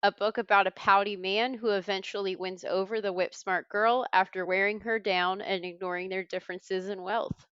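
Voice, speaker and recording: A woman hosting a trivia podcast, reading clues in a brisk, wry way. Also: medium pitch, steady tone, a bit bright, smooth, no echo, muffled recording. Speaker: quiz host.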